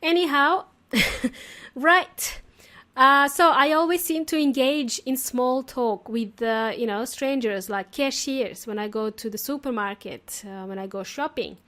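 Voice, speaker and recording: A talkative woman with a slightly high voice, teaching English in a relaxed podcast style. She chats freely and laughs easily between points. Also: unhurried. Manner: chatty and talkative, laughs often. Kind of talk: casual podcast lesson. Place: lives in Australia.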